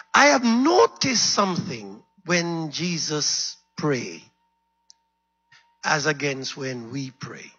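A high-pitched male preacher delivers a fiery sermon, his voice husky and gravelly. He calls out to the congregation and veers between shouting and quiet asides. The recording sounds dull and lo-fi. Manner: animated, swinging from loud shouts to low murmurs.

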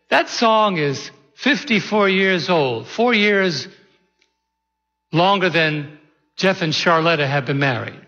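A man in his sixties, preaching as a pastor, with a somewhat high, ringing voice. He stretches out the words he wants to stress and keeps asking his listeners questions. The sound is muffled and carries a long echo through a large sanctuary. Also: lively intonation, pushed and bright. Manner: slow, deliberate emphasis, quizzes the congregation. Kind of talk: sermon. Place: church sanctuary. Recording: echoey hall, dull sound.

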